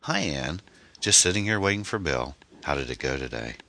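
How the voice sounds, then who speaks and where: A man's voice: very deep voice, animated, normal speed, exaggerated voice. A man voicing a sympathetic woman friend on the phone as he reads a novel aloud. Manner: sympathetic, gentle.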